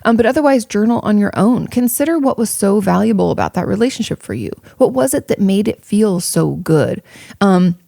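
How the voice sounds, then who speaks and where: A woman's voice: medium pitch, animated, fairly quick, vocal fry, dark tone, no echo, clean studio sound. A woman therapist hosting an advice podcast, talking casually and frankly with many fillers as she answers listener questions.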